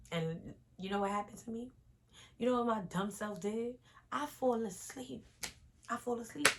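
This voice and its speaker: A young woman, telling an animated casual storytime vlog straight to her viewers. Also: mid-range voice.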